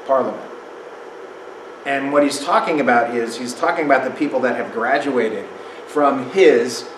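A man teaching a Bible lesson to a small group in a casual, animated way, with chuckling asides. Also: medium pitch, roomy sound, a little hiss or hum, poor audio.

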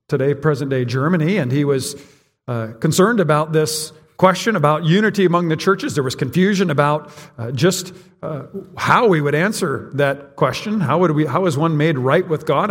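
A male pastor preaches in a relaxed, conversational way, talking straight to the congregation. His voice sits a little higher than most men's, and a long reverb trails each phrase through the church hall. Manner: conversational, direct address to congregation. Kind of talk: sermon. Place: church sanctuary.

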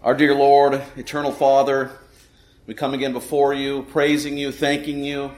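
A man preaching a sermon as pastor, praying and reading scripture in a solemn, measured way, slowing for emphasis. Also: mid-range voice, monotone, darkish tone, echoey room, low-quality recording.

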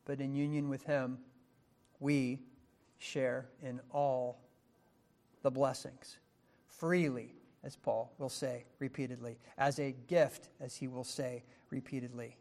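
A man preaching a sermon, emphatic, with rising stressed questions and slow deliberate phrases. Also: mid-range voice, little pitch movement, vocal fry, darkish tone. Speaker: pastor.

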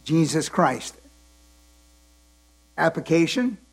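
A man teaching from the Bible in a slow, deliberate way, repeating his points and letting the congregation fill in words, his voice tired at the end of the day. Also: fairly high pitch, very animated, husky. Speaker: preacher.

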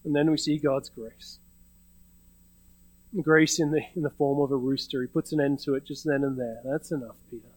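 A man's voice: mid-range voice, flat delivery, normal speed, long pauses, a little mellow, no room sound, low-quality recording. A male pastor giving a sermon, retelling a scene in a conversational way with frequent restarts and repeated words.

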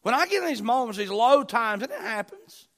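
A man preaching a sermon to a congregation in a church, reading scripture and then preaching on it, with big swings in volume and slowing down for emphasis. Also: very high voice, sing-song, sharp tone. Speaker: pastor.

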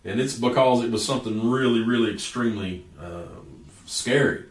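A man with a medium-pitched voice, speaking at a normal speed, preaches a sermon in a folksy, storytelling style, drawing out words for emphasis. The recording is echoey, picked up from a distance.

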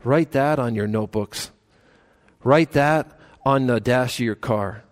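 A man pastor preaching a sermon in a church, earnest, climbing to emphatic peaks and slowing down on key phrases. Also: mid-range voice.

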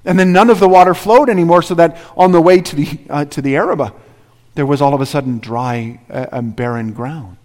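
A man's voice: on the high side, fairly quick, darkish tone. A man preaching a sermon as pastor, earnest and driving his points home with repeated rhetorical questions. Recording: reverberant hall.

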